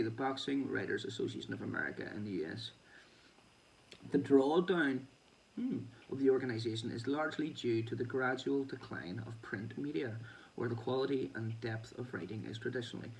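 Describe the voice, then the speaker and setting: A man's voice: mid-range voice, vocal fry, recorded from a distance, a little hiss or hum, rough recording. A man hosting a boxing show, reading news aloud and breaking off into chatty, sweary asides with laughing comments.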